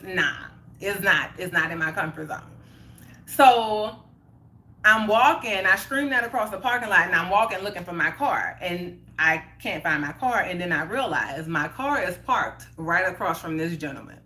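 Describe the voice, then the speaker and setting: A woman in her thirties casually telling a personal story, animated and acting out the quoted voices of herself and others. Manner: animated, acts out quotes with rising pitch and laughter. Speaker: host.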